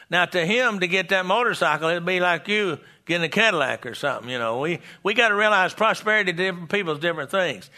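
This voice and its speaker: Older man, pastor type, bright edge to a fairly high voice, folksy sermon with lots of restarts. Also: fairly quick. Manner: folksy, stammering restarts, call-and-response asides. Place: church.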